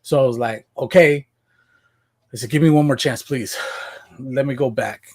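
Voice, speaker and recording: A man from Washington State telling his life story as a podcast guest, casual and animated, acting out what he said back then. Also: mid-range voice, normal speed, husky. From Washington State, USA. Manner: animated, acts out his own past voice.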